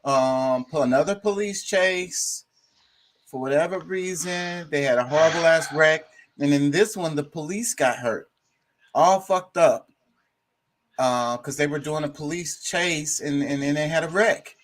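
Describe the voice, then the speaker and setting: A man's voice: on the high side, unhurried. Impassioned man hosting a chat show. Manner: impassioned, swears freely. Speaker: podcast host. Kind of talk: casual chat.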